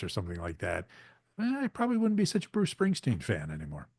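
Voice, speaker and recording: A low-pitched man co-hosting a podcast. He rambles casually and restarts his sentences, filling gaps as he goes. The recording is bone-dry and close to the mic. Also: huge pitch swings, fairly quick, darkish tone, slightly rough, no echo. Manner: rambling, many fillers and restarts. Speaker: podcast co-host.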